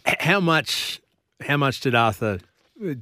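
A man's voice: mid-range voice, lively intonation, sharp tone, no room sound, studio quality. Chatty male podcast host. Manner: chatty, matey, quick to laugh along. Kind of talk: casual interview chat.

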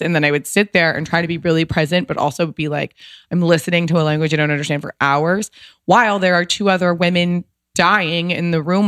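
A woman's voice: lowish voice, fairly bright tone, smooth, no echo, clean studio sound. A woman in her thirties, a podcast guest, telling a personal story candidly and emotionally, swearing casually and filling with "like".

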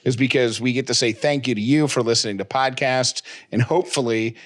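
A man's voice: medium pitch, fairly quick. A man from upstate New York co-hosting a casual podcast, upbeat and chatty as he talks with a caller. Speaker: podcast co-host.

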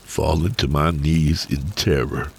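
A man narrating a first-person horror story in a calm, measured way. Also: a bass voice, vocal fry, breathy edge. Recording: soft music under voice.

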